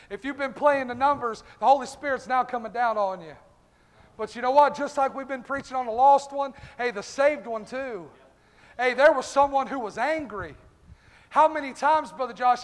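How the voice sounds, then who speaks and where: A male pastor preaching a fervent revival-style sermon in a church, calling out congregation members by name. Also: very high voice. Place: church sanctuary. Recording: echoey church hall.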